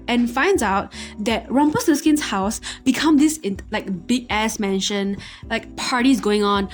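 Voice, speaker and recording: A young woman recapping movies from memory in a rambling, animated way full of fillers. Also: mid-range voice, unhurried, faint music behind. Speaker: vlogger.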